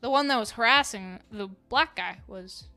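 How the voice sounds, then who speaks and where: A woman's voice: fairly high pitch, moderate pace, sharp tone, soft background music. A woman co-hosting a casual podcast, telling stories in a rambling way with many fillers and casual swearing. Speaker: podcast co-host. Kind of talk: casual storytelling chat.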